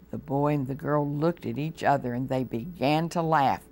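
A woman with an American accent reading a storybook aloud to children on a TV show, slow and gently expressive. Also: very deep voice, creaky. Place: TV studio.

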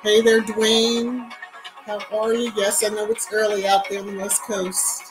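A woman with a medium-pitched, level voice speaks unhurriedly while music plays behind her on a low-quality recording. As a YouTube livestream host, she chats casually and emphatically, greeting viewers by name and commenting on the live chat.

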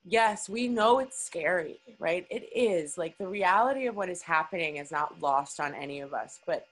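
A woman's voice: fairly low pitch, expressive, moderate pace, low-quality recording. Emotional woman host, faint music behind. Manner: emotional, encouraging, emphatic. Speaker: podcast host. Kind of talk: casual interview chat.

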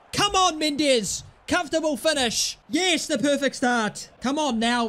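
A young man commentating his own football video game, swinging from low muttered asides to excited yells at the screen. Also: moderate pace. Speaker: gaming YouTuber. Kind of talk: live gameplay commentary.

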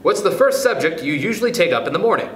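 A man puts on a tiny mouse teacher, fussy and brisk, bossing the class about in a raised voice that bounces all over. It rings in a roomy space with a faint hiss behind. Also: fairly high pitch, big pitch swings, a bit bright, pitched above the performer's own voice. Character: tiny self-assured mouse playing schoolteacher. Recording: roomy echo, faint noise.

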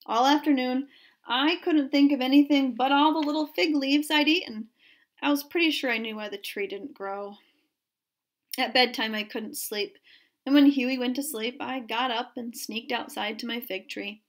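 High-voiced woman reading a storybook aloud. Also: normal speed. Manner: expressive, storytelling.

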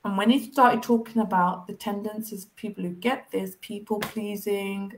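A woman telling her recovery story in a casual interview, acting out past conversations with lively changes of voice, heard over a video call. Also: medium pitch, moderate pace. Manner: animated, acts out past conversations.

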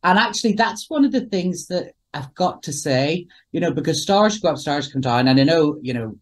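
A man hosting an interview, encouraging his guest with halting, repeated phrases. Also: on the high side, lively intonation. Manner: encouraging, hesitant, repeats himself. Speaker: interviewer, host. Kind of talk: casual interview chat.

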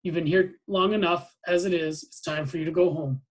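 A man reading aloud as a grave, weary military commander who is a father, in a measured, questioning voice. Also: a little high, steady tone, lightly acted, low-quality recording.

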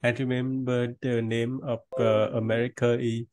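A man's voice: medium pitch, flat delivery, normal speed, a little mellow. A man from Vietnam with a Vietnamese accent, a student speaking hesitantly and repeating words in an online English lesson.

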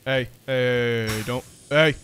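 A man's voice: mid-range voice, fairly even intonation, measured pace, fairly bright tone, a little hiss or hum. A young man hosting a let's-play, joking, swearing and laughing as he reacts. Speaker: gaming video host.

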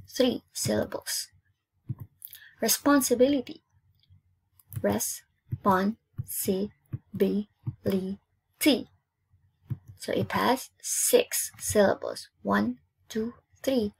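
A woman's voice: mid-range voice, creaky, breathy edge. A woman from Indonesia teaching an English lesson, repeating each word twice and counting out its syllables. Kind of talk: classroom lesson, spelled-out syllables.

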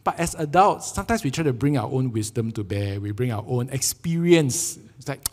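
A man preaching a sermon with a Singaporean English accent, telling jokey, animated stories and acting out quotes. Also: mid-range voice, brisk, long reverb tail. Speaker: pastor. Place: church sanctuary.

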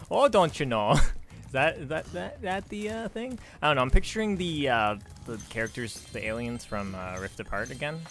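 Animated and brisk with few pauses, this young streamer's mid-range, sharp-toned voice carries his casual commentary on a video game playthrough. He's chatty and gets distracted easily.

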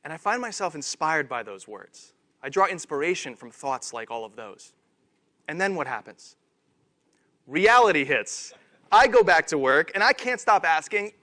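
A man giving a conference keynote talk on stage, animated and self-deprecating. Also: fairly high pitch, normal speed. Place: conference stage before an audience.

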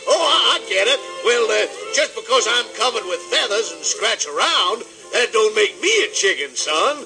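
A booming, blustering rooster. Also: male voice, animated, normal speed, vocal fry, hardly any pauses, pushed and bright, heavily acted. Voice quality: booming, repeats himself with "I say". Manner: drawling, self-satisfied, bossy. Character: blustering big southern rooster, boastful, folksy. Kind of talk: 1950s children's record acting. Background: music.

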